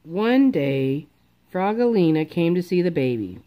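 A woman with a lowish voice reads a children's storybook aloud, slow and expressive, lively, and doing different voices for the characters.

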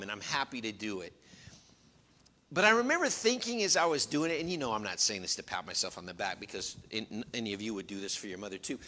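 Lively, bright-voiced male pastor preaching. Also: medium pitch. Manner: earnest, swings between loud emphasis and quiet confiding. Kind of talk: sermon. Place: church.

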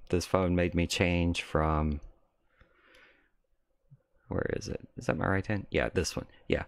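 A deep-voiced man talks casually on a live stream. He rambles, stops mid-sentence and starts over, then breaks into loud mocking rants. The sound is dry, with almost no room in it. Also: vocal fry, dry recording.

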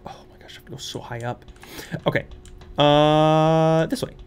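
His voice is fairly high, smooth, and steady in tone, moving at a moderate pace through a studio microphone. This young man plays a horror game for his let's play channel, nervously muttering to himself between squeals and laughs.

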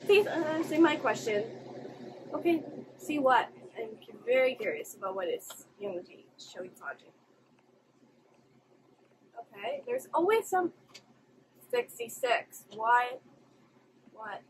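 A woman's voice: high-pitched, slow pace, long pauses, noisy background. A woman hosting an anime reaction video, exclaiming and gasping as she watches. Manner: expressive, exclaiming and gasping at the screen. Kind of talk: live reaction commentary.

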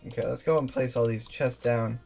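A gaming streamer giving live commentary, swearing constantly and mocking themself, with loud outbursts and laughter while playing. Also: mid-range voice, steady tone, brisk, vocal fry, soft background music.

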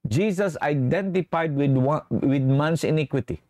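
A man's voice: a little high, normal speed, dark tone, dry recording, studio quality. Man preaching, mixing English and Tagalog. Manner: switches between English and Tagalog mid-sentence; asks the congregation for assent with "okay?". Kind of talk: sermon.

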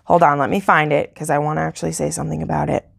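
A woman with a low, heavily gravelly voice talks through a book review on her channel. She rambles and gets emotional, filling her sentences with little hesitations. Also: flat delivery, rapid-fire. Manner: rambling and emotional, heavy on fillers like "like" and "um". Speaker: book YouTuber. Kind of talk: casual book review chat.

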